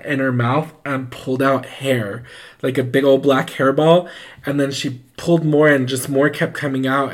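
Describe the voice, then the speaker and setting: A man telling a story in casual chat, rambling with lots of "like" and acting out the voices of the people in it. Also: medium pitch. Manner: animated, acts out quoted voices; loose and rambling, full of "like".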